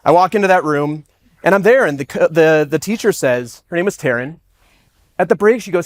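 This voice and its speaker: Coach guy on stage telling his own story, slightly high voice, dry close sound, jokey and self-mocking. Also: animated, brisk, no echo. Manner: conversational, self-deprecating humor, acts out his own past thoughts. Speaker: coach giving a keynote talk. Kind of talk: personal storytelling speech. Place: event stage before a live audience.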